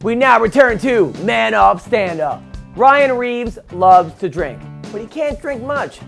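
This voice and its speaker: A woman's voice: fairly high pitch, animated, slow pace, gravelly. Lady announcer doing a teasing promo, some music under it. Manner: punchy, teasing promo read. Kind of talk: scripted show announcing.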